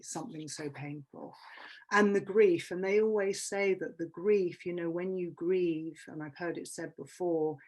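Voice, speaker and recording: A woman's voice: on the low side, darkish tone. A British woman in her fifties giving a candid, emotional personal talk at a workshop, repeating words for emphasis. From England. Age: 50s. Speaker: workshop speaker.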